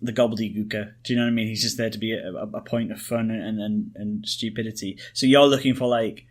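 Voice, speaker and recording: A man's voice: on the low side, steady tone, brisk, hardly any pauses. A man co-hosting a podcast, chatting casually and rambling with jokes and restarts. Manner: rambling, joking, restarts often. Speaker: podcast co-host. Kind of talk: casual chat.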